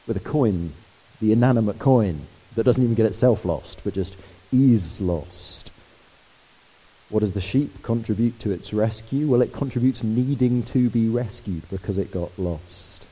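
A man preaching a sermon, lively and conversational, asking the congregation questions. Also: lowish voice, a little slow, husky, rough recording.

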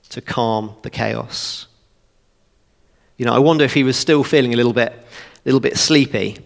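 A man preaching a sermon, walking through a passage verse by verse in an animated, conversational way with joking asides. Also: mid-range voice, vocal fry. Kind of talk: expository sermon. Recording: long reverb of a church hall.

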